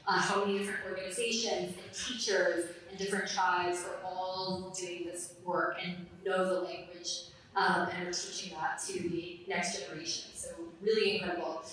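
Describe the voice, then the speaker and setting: A woman's voice: lowish voice, little pitch movement, normal speed, a bit bright, a little hiss or hum. Event host, woman, filler-heavy thanks, roomy distant hall sound. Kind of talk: live event remarks. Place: large hall. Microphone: distant room mic. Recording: echoey hall from far off.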